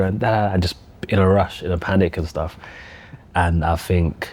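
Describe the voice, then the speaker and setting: A man's voice: sits low, fairly even intonation, darkish tone, breathy edge. A man, speaking earnestly and reflectively about being a father in a casual chat. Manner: reflective, earnest, quick agreeing backchannels. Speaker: actor, podcast guest, father.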